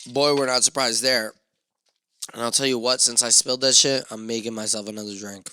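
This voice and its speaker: A man hosting a solo podcast, rambling and swearing through self-mocking rants with sudden loud outbursts into a studio mic. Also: mid-range voice, fairly even intonation, fairly quick, clear, resonant tone. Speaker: podcast host.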